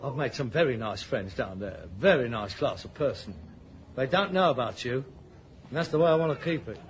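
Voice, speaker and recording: An actor playing a snobbish, exasperated grown son in a vintage radio sitcom. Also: male voice, medium pitch, animated, fairly quick, slight background noise, lightly acted. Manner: pompous, exasperated, insulting.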